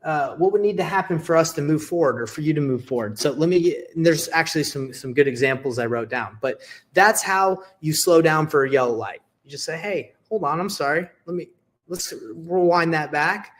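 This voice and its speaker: A young adult man giving a live sales training, energetic and repetitive, checking in with "okay" and acting out sample calls. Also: a little high, fairly quick. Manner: energetic, repeats "okay" and "all right", acts out sample seller calls. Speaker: real estate sales coach. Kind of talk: live training talk to camera.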